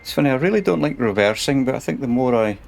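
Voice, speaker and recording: A man's voice: medium pitch, animated, quick pace, gravelly, darkish tone, a little hiss or hum. A man casually commenting while he plays a truck game on a stream, chatty and muttering to himself.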